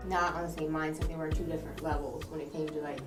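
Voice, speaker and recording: Fast-talking woman co-host, blunt and profane. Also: low-pitched, flat delivery, reverberant, loud music behind the voice. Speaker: radio show co-host. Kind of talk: casual radio chat.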